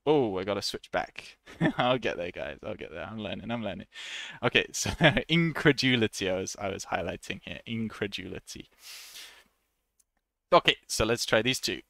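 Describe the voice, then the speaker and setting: A man teaching an English lesson in a chatty, relaxed way, laughing often and acting out short example voices. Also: on the low side, moderate pace, vocal fry, no room sound. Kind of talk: casual online English lesson.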